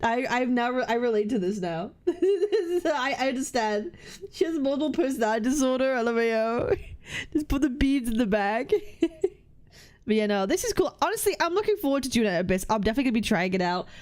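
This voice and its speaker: A woman's voice: on the high side, lively intonation, fairly quick, darkish tone. Laughing, slangy woman reacting on stream. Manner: laughs often, slangy "bro" talk. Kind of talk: casual reaction commentary.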